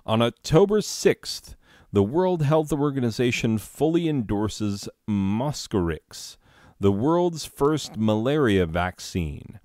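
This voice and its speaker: Male comedy host, low voice, sarcastic deadpan review, dry close sound. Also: no echo. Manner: sarcastic, mock-serious asides. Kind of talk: comedic year-in-review monologue.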